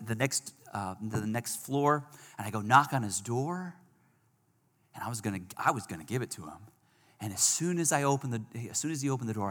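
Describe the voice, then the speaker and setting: A man preaching, telling a personal story with animated swings between loud outbursts and hushed moments. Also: mid-range voice. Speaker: pastor. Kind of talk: sermon storytelling. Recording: long hall reverb.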